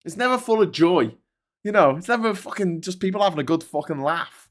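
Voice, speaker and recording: Male host, rants and swears, voice a bit higher than most men's. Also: lively intonation, brisk. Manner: sweary, ranting. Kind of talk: casual ranting chat.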